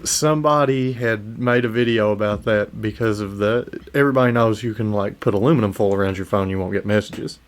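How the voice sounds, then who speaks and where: A man's voice: lowish voice, a little fast, few pauses, a little hiss or hum. A man co-hosting a podcast, bantering in a blunt, profane way. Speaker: podcast co-host. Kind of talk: casual chat.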